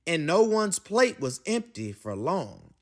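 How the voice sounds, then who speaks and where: Slow, expressive man reading a picture book. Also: on the high side. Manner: expressive, playful slang asides. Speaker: read-aloud narrator. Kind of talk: children's picture book read-aloud.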